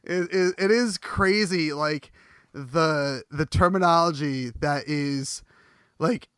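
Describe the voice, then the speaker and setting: Man, podcast host, rambling, bright tone, dry close sound. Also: fairly high pitch, slow, clear, resonant tone, dry recording. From Bucks County, Pennsylvania. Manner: rambling, laughs often, many restarts. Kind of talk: casual chat.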